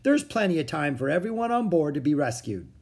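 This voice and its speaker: A man's voice: on the high side, big pitch swings, brisk, a little mellow. A man reading a storybook aloud, voicing a condescending, self-assured grown man. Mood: patronizing. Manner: patronizing.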